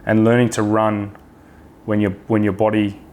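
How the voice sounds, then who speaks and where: A man's voice: on the low side, monotone, normal speed, a little mellow, a little hiss or hum. A man with an Australian accent, a podcast guest talking frankly in casual chat, swearing freely and restarting his sentences often.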